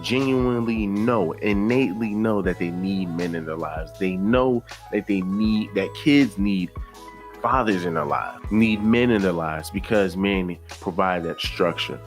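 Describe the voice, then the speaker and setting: A man hosting a casual commentary video, talking in a relaxed, conversational way and repeating words for emphasis. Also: low-pitched, measured pace, faint music behind. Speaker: YouTube commentary host.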